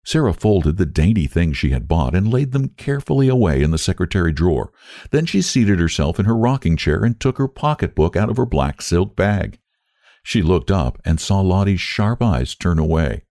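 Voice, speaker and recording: A man narrating a story aloud with a measured, expressive reading. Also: deep voice, no echo, studio quality. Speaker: audiobook narrator.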